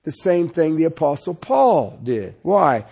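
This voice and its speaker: A man preaching a sermon as pastor, swinging from loud insistence to hushed, pleading passages. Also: on the high side, sing-song, unhurried, creaky, breathy edge.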